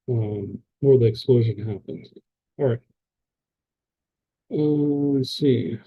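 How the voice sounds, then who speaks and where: A man's voice: medium pitch, breathy edge, lo-fi sound. A man hosting a paranormal podcast, talking casually to his camera in a rambling, hesitant way with many fillers and restarts. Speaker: podcast host. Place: indoors at a camera.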